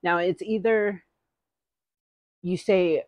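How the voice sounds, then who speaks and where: Slow-talking, giggly middle-aged woman. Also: low voice, lively intonation, no room sound, lo-fi sound. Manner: chatty, giggly, rambling. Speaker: vlogger. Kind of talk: casual haul chat.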